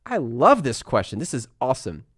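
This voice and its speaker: A young man hosting a live stream, chatting fast and laughing as he answers viewer questions. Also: mid-range voice, huge pitch swings, a bit bright, no echo, clean studio sound. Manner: fast-talking. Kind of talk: live Q&A chat.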